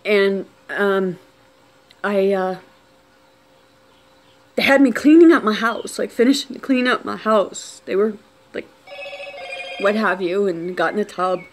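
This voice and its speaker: A woman recounts something personal to the camera without a script, talking softly and frequently restarting or trailing off. She has a mid-range voice, a slightly slow pace and long pauses.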